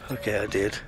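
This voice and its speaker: A man giving casual, chatty let's-play commentary, muttering to himself as he plays. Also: background noise. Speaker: gaming channel host.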